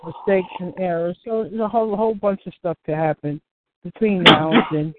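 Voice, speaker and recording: A man's voice: high-pitched, brisk, a little hiss or hum. A man hosting a community call, talking casually in a rambling, easygoing way with lots of fillers. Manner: rambling, easygoing, many "you know" fillers. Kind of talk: casual chat. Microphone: phone or call line. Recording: tinny phone line, dry.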